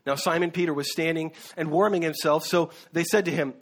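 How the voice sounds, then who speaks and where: A man's voice: fairly high pitch, steady tone, fairly quick. Earnest man preaching a sermon. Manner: earnest, with fillers and self-corrections. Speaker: pastor.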